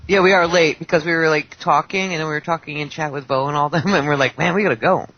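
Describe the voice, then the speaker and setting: A woman chatting casually on an online radio show, quick to laugh and apologize. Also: deep voice, steady tone. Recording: dull lo-fi internet radio audio.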